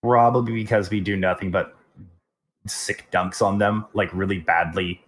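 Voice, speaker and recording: A man's voice: deep voice, fairly even intonation, moderate pace, fairly bright tone, a little hiss or hum. Joking man with a Texas twang. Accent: Southeast Texas. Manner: joking, mock-formal. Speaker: podcast co-host. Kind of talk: casual chat.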